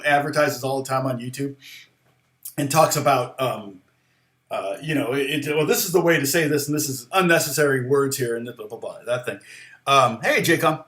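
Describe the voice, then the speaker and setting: Guy teaching songwriting on a livestream, kinda high voice, rambly, lots of uh and um, echoey room. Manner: rambling, halting, many restarts and fillers; sings lyric snippets softly to demonstrate. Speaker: guitar teacher. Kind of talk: casual livestream lesson.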